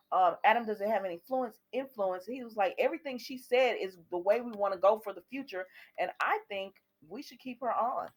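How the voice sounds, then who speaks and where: Her voice fairly high, a woman gives her viewers a chatty soap opera recap, speaking right to them as she retells scenes and quotes the characters.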